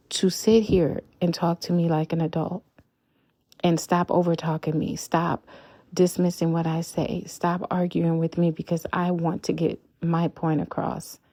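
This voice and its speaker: A woman's voice: fairly low pitch, dark tone, dry recording. An outspoken woman in her fifties vlogging frankly about her relationship, blunt and emphatic. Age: 50s. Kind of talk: candid relationship vlog.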